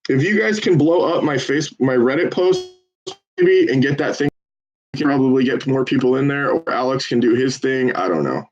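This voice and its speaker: A man's voice: lively intonation, normal speed. Profane rambling man on a lo-fi stream. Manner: rambling, profane, salesman's upbeat phone pitch. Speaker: volunteer phone banker for a campaign. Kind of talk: casual livestream chat with live phone calls.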